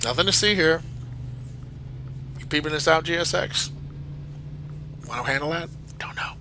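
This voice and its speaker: A chatty man gives casual, enthusiastic commentary full of rambling asides. His voice is very bright and forward, with a faint background hiss. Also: a little high, moderate pace, low-quality recording. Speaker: flight simulator reviewer.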